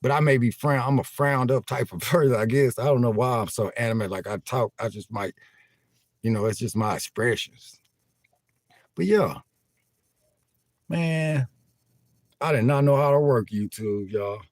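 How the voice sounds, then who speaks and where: An older man chats casually to his viewers in an animated, laughing way, often repeating himself. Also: medium pitch, moderate pace, long pauses, no echo. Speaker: vlogger livestreaming. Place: inside a van.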